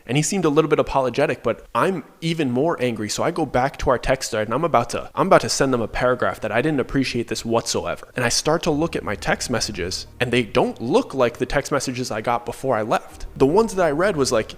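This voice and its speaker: Fast-talking young man telling a story. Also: mid-range voice. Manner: acts out quoted dialogue in a lively retelling. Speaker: storyteller and channel host. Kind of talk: casual first-person storytelling.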